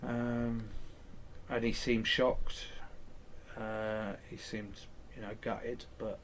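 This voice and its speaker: A man's voice: on the low side, level tone, very slow, a little hiss or hum. A man, candidly retelling events in an interview and acting out quoted lines, with some casual swearing.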